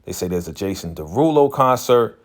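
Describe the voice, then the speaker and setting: Chatty low-voiced man recapping a show. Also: animated, brisk. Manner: loose and chatty, full of "you know" fillers and slang. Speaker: TV recap channel host. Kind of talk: casual TV episode recap.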